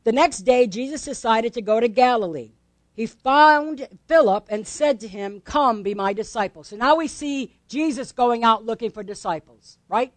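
A woman pastor delivers her sermon in a relaxed, conversational way. She keeps turning questions back to the congregation. Her voice sits high, and the recording is close and dry. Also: normal speed, no echo. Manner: conversational, asks the congregation questions, laughs lightly.

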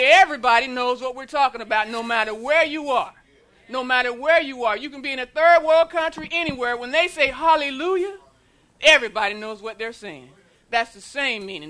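High, bright-voiced woman preaching. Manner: call-and-response, repeating lines, building to shouts. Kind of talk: sermon. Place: church sanctuary.

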